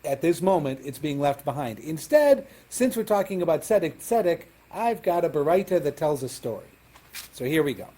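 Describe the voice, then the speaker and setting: A rabbi leads a Talmud class, explaining each text step by step and checking that his students follow along. His voice is mellow and sits a little high for a man, and he mixes Hebrew and Aramaic terms into his plain talk. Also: sing-song, normal speed.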